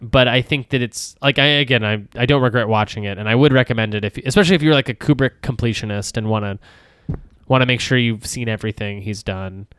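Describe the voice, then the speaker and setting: A man chats loosely about films as a podcast co-host, trailing off and restarting with plenty of fillers. His voice is smooth and clear at a middling pitch. The sound is dry and close, with no room echo. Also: quick pace, a bit bright. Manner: rambling, many fillers and restarts, laughs often, swears casually. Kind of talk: casual film discussion.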